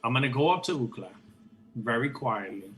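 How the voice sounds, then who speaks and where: An eager male tabletop player talks through his plans out loud. His grammar is casual and loose, and his voice sits at a middling pitch. Faint room ambience can be heard behind him. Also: animated, fairly quick, noisy background. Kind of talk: tabletop game play, casual.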